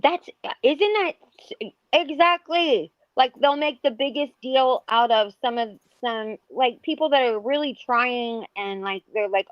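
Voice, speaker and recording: A woman's voice: a little high, a little slow, dry recording. A woman in her forties chatting casually as a podcast co-host, rambling with lots of fillers and restarts. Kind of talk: casual chat. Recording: dull lo-fi audio.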